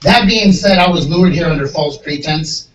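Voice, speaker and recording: A high-voiced man doing a stand-up set through a handheld mic in an echoey gun store space. He tells stories with lots of energy and bounces into squeaky voices for the people he quotes. The sound is a little distant, with a faint hiss behind him. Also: moderate pace, a loud crowd. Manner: animated storyteller, jumps into high voices for quoted characters. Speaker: stand-up comedian. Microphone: handheld microphone.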